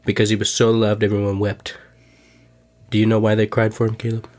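A man's voice: lowish voice, monotone, fairly quick, darkish tone, lightly acted. A man doing a comedic impression of a boastful, self-obsessed older male ex-president, rambling and repeating himself in a podcast sketch.

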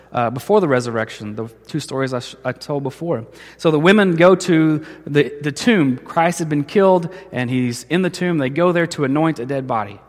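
A man preaching a sermon as pastor, telling stories and acting out the voices of the people in them. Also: a little high. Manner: storytelling, acts out voices in quotes. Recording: long hall reverb.

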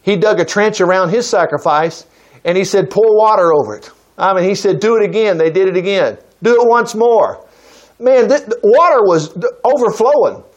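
A male preacher delivers a sermon in a conversational, emphatic manner. His voice sits high and swings widely in pitch. He leaps upward suddenly when he stresses a point. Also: animated, normal speed, highs cut off.

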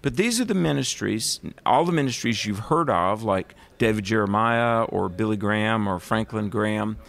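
A radio show host with a Southern US accent runs a casual interview, chatty, enthusiastic, and rambling. His voice is on the low side, creaky and a bit bright, animated and at normal speed.

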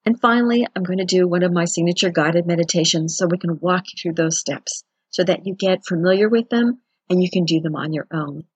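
Woman chatting thru self-help tips, kinda husky, dry close sound. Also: on the low side, a little fast, hardly any pauses, dry recording, muffled recording. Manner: chatty, conversational, acts out quotes with laughs. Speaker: wellness teacher. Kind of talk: casual self-help talk.

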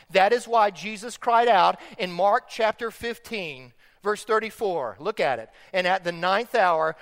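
High, bright-voiced preaching man. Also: smooth, long reverb tail. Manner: emphatic preaching that swings between loud stressed phrases and quiet slow ones. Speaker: pastor. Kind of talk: sermon. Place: church sanctuary.

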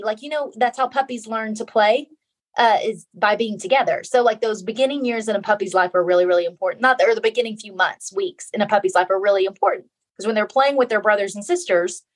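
A middle-aged woman, a guest author in a casual interview, talking earnestly and repeating phrases for emphasis. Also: mid-range voice.

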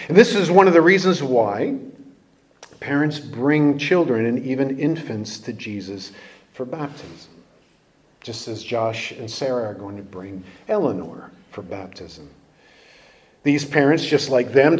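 This sermon comes from a male pastor with a mid-range voice, who preaches conversationally and with animation, leaning heavily on rhetorical questions.

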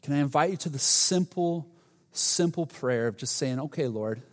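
Male pastor, slightly higher voice, earnest sermon delivery with soft drops, long hall reverb. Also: moderate pace. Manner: earnest, with frequent restarts and soft drops in volume.

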